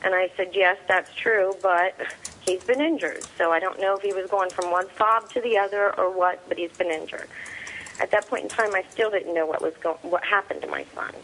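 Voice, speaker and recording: Middle-aged woman, interview guest, halting personal storytelling, quotes others with many fillers. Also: mid-range voice, a bit bright, slight background noise, poor audio. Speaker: interview guest, soldier's mother.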